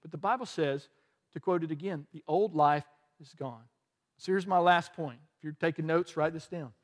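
A middle-aged man preaching a sermon, telling stories and moving from lively to quiet and earnest. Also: fairly high pitch, fairly quick. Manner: storytelling, shifts from animated to quiet and earnest. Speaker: pastor. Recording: long hall reverb.

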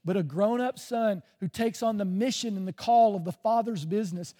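A man's voice: high voice, normal speed, warm tone. A man preaching a sermon as pastor, conversational, often checking in with "right?".

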